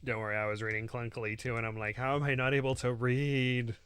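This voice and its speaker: A man's voice: mid-range voice, level tone, quick pace, a bit bright, clean tone, no echo. Playful man joining a read-aloud. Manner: playful, joking, laughs along. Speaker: guest co-reader. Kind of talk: casual chat.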